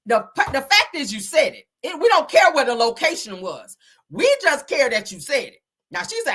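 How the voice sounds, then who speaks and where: A woman's voice: on the high side, big pitch swings, normal speed, fairly bright tone, slightly rough. A woman hosting reality TV commentary, blunt and scolding, with frequent swearing. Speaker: commentary host.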